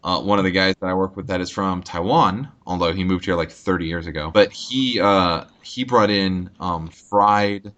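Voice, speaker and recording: A man's voice: deep voice, moderate pace, hardly any pauses, a bit bright, highs cut off. A man co-hosting a podcast, telling stories in casual chat with dry humor. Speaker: podcast co-host.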